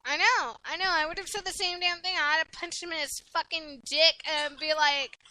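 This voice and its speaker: A woman's voice: extremely high pitch, fairly even intonation, moderate pace, bright, forceful tone, poor audio. A woman co-hosting a casual podcast, blunt and rowdy, swearing freely and often laughing. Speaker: podcast co-host. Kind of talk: casual profane chat.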